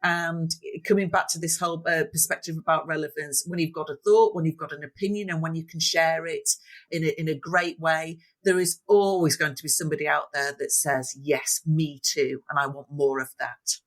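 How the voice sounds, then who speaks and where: A woman's voice: low-pitched, steady tone, a little fast. A woman speaking as a podcast guest, upbeat and motivational, explaining her ideas through examples. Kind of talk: interview conversation.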